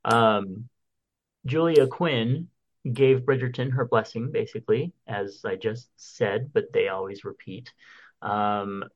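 A man's voice: lowish voice, takes it slowly, highs cut off. A man co-hosting a casual chat show, reading entertainment news in a rambling, jokey way and stumbling over names.

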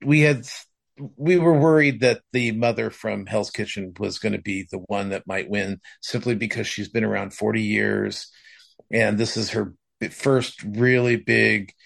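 This podcast co-host has a lowish, steady voice with vocal fry, speaking at a measured pace. In casual conversation he rambles, using plenty of fillers and starting over often.

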